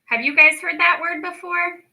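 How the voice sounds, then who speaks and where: A young woman teaching a children's lesson, slow and encouraging as she speaks to young kids. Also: very high voice, creaky, bright, forceful tone, poor audio. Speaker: speech clinic storytime teacher.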